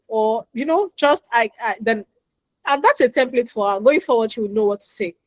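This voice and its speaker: A woman's voice: a little high, expressive, moderate pace, no room sound. A woman coaching parents in a chatty talk full of stories, repeating her advice and acting out little dialogues. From Nigeria. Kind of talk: instructional talk with anecdotes.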